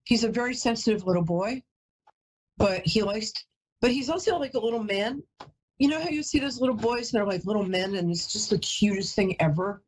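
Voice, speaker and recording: Husky chatty woman psychic. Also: mid-range voice, fairly quick, rough recording. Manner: chatty, emotional, often breaks off and apologizes. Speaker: psychic medium host. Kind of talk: live call-in psychic reading.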